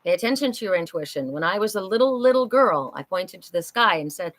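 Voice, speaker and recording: A woman's voice: medium pitch, expressive, quick pace. Upbeat middle-aged woman reading oracle cards. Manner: chatty, upbeat spiritual cheerleader, talks to viewers. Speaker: oracle card reader and psychic host.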